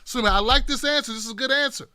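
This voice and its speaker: A man hosts a casual livestream, talking back to news clips with a sarcastic edge. His voice sits high and comes through smooth and clear. The sound is dry and close to the mic. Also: racing, pushed and bright, no room sound. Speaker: political commentary show host.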